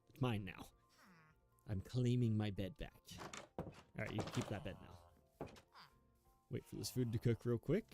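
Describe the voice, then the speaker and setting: Young male gaming YouTuber, gravelly low-key voice, self-mocking rambles, faint music under. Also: warm tone. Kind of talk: casual gameplay commentary.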